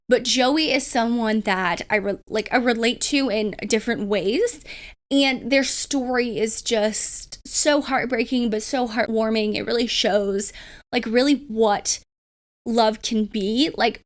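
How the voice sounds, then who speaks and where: A young woman hosting her own book channel, chatting casually about favorite reads with lots of likes and ums. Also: a little high. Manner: chatty, gushing, filler-heavy with likes and ums. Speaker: booktube host. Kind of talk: casual book review chat.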